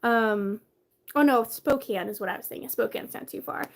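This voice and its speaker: A woman with a somewhat high voice talks casually on a live stream from her bedroom. She is tired and a little hoarse from a cough, but stays friendly and laughs easily as she greets viewers one by one. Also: moderate pace. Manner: chatty, greets viewers by name, laughs often. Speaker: livestream host.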